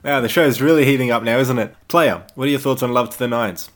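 A man with a mid-range voice runs a casual music podcast, cheerfully handing the floor from one co-host to the next. His tone is upbeat and relaxed. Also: medium pitch, fast. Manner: upbeat, moves the show along.

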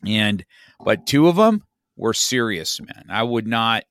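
Low-voiced man telling a rambling story. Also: very animated, unhurried, fairly bright tone, no room sound, clean studio sound. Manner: rambling, many restarts and "you know, man". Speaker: podcast guest. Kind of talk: casual conversational storytelling.

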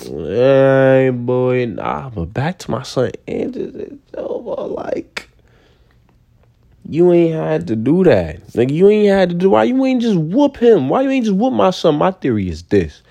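A young man from New rants in a loose, slang-heavy way. His voice is dark and mellow but swings wildly in pitch, jumping into squeaky outbursts. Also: gravelly. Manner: animated, slangy, sudden high-pitched outbursts. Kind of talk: casual rant to camera.

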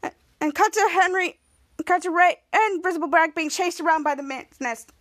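A woman with a very high voice hosts a casual podcast. She retells a TV episode in an excitable, rambling way and keeps restarting her sentences. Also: brisk. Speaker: podcast host.

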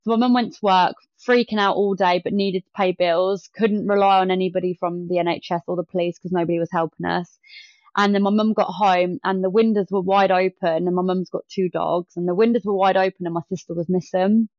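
A woman's voice: on the low side, brisk, no room sound. A woman, a podcast guest telling a story in casual chat and acting out the quotes. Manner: animated retelling with acted-out quotes. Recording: dull lo-fi dry sound.

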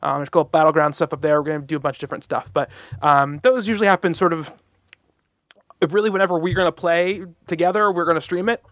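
A young man hosts a casual podcast, talking in a slightly high voice. He rambles, restarts and fills pauses with ums. The sound is dry and close, with no room echo. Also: fairly bright tone. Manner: rambling, many fillers and restarts. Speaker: podcast host. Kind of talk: casual chat.

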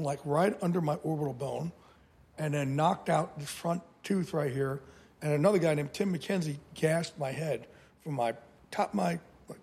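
A man in his fifties, a podcast guest telling stories in a blunt, animated way, often swearing. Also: fairly high pitch, slightly rough. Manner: blunt, profane, animated storyteller. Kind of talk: casual interview storytelling.

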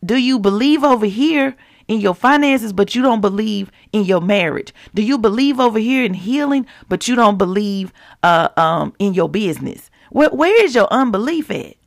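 Woman podcast preacher, gravelly, mid-pitched, casual heartfelt teaching, dry close recording. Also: animated, dry recording. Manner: conversational, preachy, keeps it real with listeners; repeats scripture slowly for emphasis.

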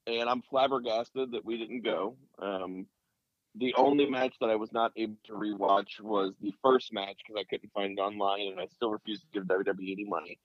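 A man's voice: on the low side, steady tone, normal speed, no room sound, dull audio. A man co-hosting a casual podcast with wry, crude humor. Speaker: podcast co-host.

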